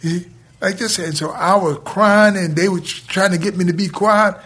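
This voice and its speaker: A man's voice: high voice, breathy edge. A man telling a story from his youth in casual speech, acting out the dialogue and laughing between lines. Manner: animated, retells scenes with quoted dialogue, laughs between lines; colloquial grammar, drawn-out pauses. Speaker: guest telling a life story.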